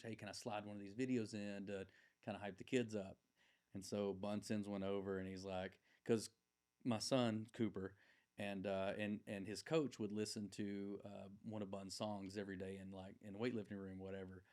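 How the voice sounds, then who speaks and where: A man's voice: lowish voice, a little mellow. A man in his forties, a podcast guest, telling a long anecdote in a casual, rambling way with plenty of fillers. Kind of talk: casual storytelling.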